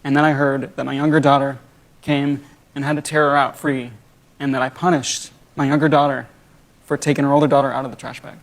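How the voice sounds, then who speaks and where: A man, a father and talk show guest, answering with short polite denials and a calm account. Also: mid-range voice, brisk. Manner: terse, flat, polite "No, sir". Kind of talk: short denials under questioning.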